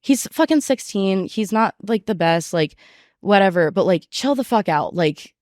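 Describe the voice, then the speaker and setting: A young woman casually telling a story from her restaurant job, animated and profane, with lots of fillers. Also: mid-range voice, moderate pace, no room sound, clean studio sound. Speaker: podcast guest.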